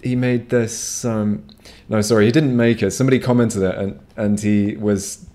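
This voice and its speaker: Low-voiced rambling gamer. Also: male voice, fairly even intonation, normal speed, mellow. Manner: rambling, profane, frequent restarts. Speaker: gamer streaming a playthrough. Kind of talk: casual gameplay commentary. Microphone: home streaming microphone.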